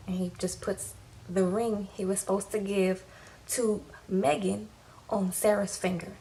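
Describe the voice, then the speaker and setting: Woman, casual slangy recap, animated delivery, faint background hiss. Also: medium pitch, a little slow, gravelly, low-quality recording. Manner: animated, slangy, acts out quotes. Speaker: TV recap vlogger. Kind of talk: casual recap with acted quotes.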